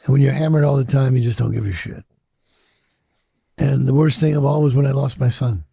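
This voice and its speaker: A man's voice: mid-range voice, fairly even intonation, brisk, warm tone, no echo, clean studio sound. A man in his sixties from Chicago, telling personal stories in a candid, profane, reflective way during an interview and acting out the voices of people he quotes. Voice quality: gravelly and husky.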